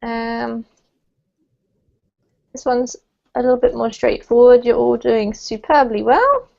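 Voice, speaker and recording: A woman's voice: fairly high pitch, expressive, slow, creaky, darkish tone. A woman teaching English pronunciation in an online class, chatty and encouraging, with a light laugh. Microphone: video call. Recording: dull lo-fi call audio.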